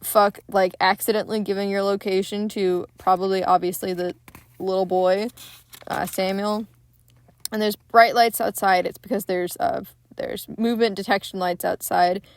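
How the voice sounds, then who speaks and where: A young woman hosts a podcast, retelling a film in a loose, candid, excitable way and swearing freely. Her voice sits at a middling pitch. It is close and dry, with no room sound. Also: moderate pace, clean tone, dry recording. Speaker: podcast host. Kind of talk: casual film recap.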